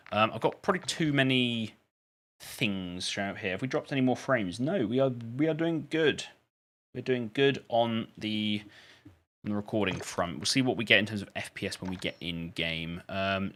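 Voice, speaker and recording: A man live-streams a shooter game, chatting loosely and rambling to his viewers with many restarts. His voice is on the low side and a bit bright.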